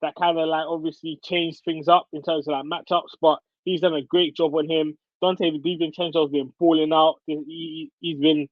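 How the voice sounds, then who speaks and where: A man appearing as a podcast guest, chatting casually and in a relaxed way about basketball. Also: on the high side, moderate pace, hardly any pauses, no echo. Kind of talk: casual sports chat. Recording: dull, dry sound.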